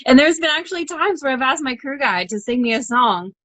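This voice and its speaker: A young woman, a monster truck driver, chatting as a guest on a video call, animated and laughing as she acts out her own inner voice. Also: sits high, a little fast, no room sound, low-quality recording. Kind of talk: casual interview chat.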